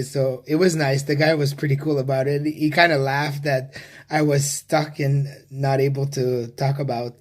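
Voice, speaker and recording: A man talks straight to his camera in a mid-pitched voice, rambling through a confession. He stops and restarts often and swears casually as he goes. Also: darkish tone. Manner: halting, with many restarts and fillers. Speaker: vlogger.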